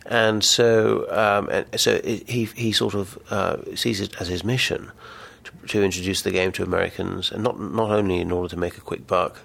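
A man's voice: deep voice, steady tone, normal speed, creaky, few pauses, fairly bright tone. A male author reading from his novel, then answering questions in a hesitant, thoughtful way full of fillers.

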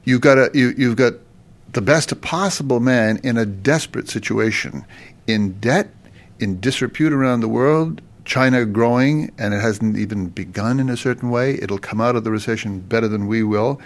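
A man hosting a political panel, animated as he builds his argument with rising emphasis. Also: mid-range voice, moderate pace.

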